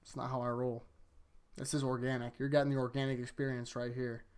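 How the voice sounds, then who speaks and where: A young man casually recapping anime episodes as a show host, rambling and joking, quickly acting out quoted lines. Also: mid-range voice, little pitch movement, a little mellow, clear, resonant tone. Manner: loose, jokey, acts out quoted lines in quick voices.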